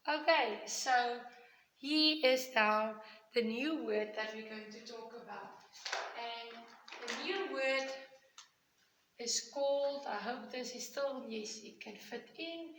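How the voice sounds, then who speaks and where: A woman's voice: on the high side, slow pace, reverberant, noisy background. A woman, a primary school teacher patiently explaining grammar to young children with repeated examples. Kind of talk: recorded grammar lesson for children.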